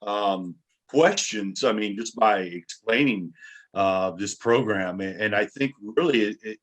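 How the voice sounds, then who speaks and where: A male interviewer with a low voice reacts enthusiastically to his guest. He speaks casually, stumbling a little as he starts sentences. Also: measured pace, a bit bright.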